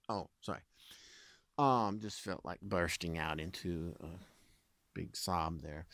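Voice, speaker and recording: A man's voice: sits low, expressive, normal speed, pushed and bright, dry recording. A man talking in a casual, rambling vlog, jokey and full of fillers. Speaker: vlogger and singer.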